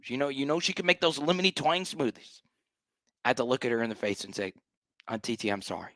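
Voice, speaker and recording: A man's voice: mid-range voice, expressive, quick pace, a bit bright, no room sound. A man hosting a sports fan livestream, ranting in a fired-up, hyped way and repeating lines for emphasis. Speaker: sports show host.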